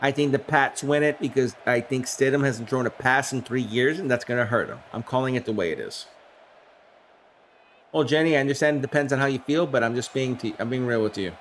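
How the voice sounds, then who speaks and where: A man's voice: medium pitch, brisk, a bit bright, slight background noise. A man streaming play-by-play of a simulated game, jumping up on big plays and chatting loosely with viewers. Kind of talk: live-stream play-by-play with chat replies.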